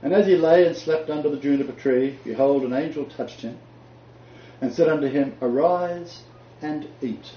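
An older man from Australia, preaching and telling a personal story with sudden loud peaks. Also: mid-range voice, a little fast, echoey room, dull audio, slight background noise.

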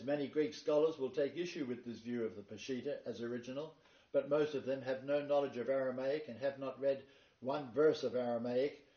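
A man giving a sermon-style Bible lecture to a live congregation, reading long quotations aloud and then preaching emphatically. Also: medium pitch. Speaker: Bible teacher. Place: meeting room with a live congregation. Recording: dull, echoey, far-off room recording.

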